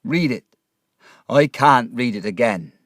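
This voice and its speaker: A man voicing a quiet, grief-stricken young fisherman in a storybook reading. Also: mid-range voice, lively intonation, dry recording, studio quality. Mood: grieving. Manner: slow, quiet. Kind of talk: audiobook character voice.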